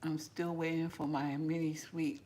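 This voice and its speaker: A woman's voice: low voice, level tone, normal speed, dark tone. A woman chatting with live viewers while eating in her home kitchen, rambling casually and talking with her mouth full. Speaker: cooking vlogger.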